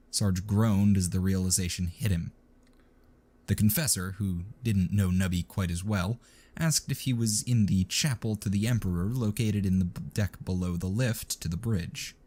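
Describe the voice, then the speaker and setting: A man narrating a written story in a steady, measured reading. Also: low-pitched. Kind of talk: scripted narration.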